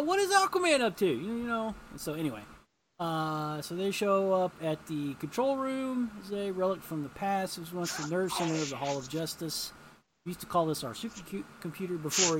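A fairly high-voiced man chats loosely as he recaps a comic, wandering off on tangents. He jumps up in pitch when he acts out the characters' lines. A faint hiss of noise sits under his voice. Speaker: podcast co-host recapping a comic. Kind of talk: casual chat.

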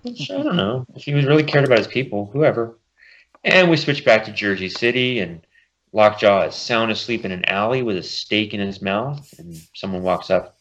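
A man's voice: fairly low pitch, lively intonation, a bit bright, lo-fi sound. A man hosting a casual podcast chat, recapping a comic book plot and commenting as he goes. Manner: summarizes plots and puts on quick character voices.

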